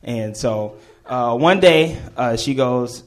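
A man's voice: mid-range voice, unhurried. A man telling a comedic story to a live audience, laughing and acting out the voices of the people in it.

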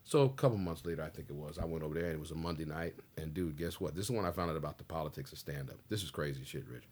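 Older male comic from the Pacific Northwest, low husky voice, rapid slangy storytelling. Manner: animated, slangy storyteller acting out dialogue. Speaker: stand-up comedian guest. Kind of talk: casual storytelling interview.

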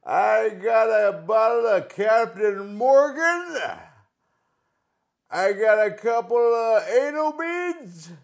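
Man impersonating a boastful old male wrestler, gravelly, loud, high and swooping. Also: expressive, slow pace, exaggerated voice. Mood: swaggering. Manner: loud, swaggering, with "woo" yells. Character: brash boastful aging male pro wrestler. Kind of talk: comedy impression sketch.

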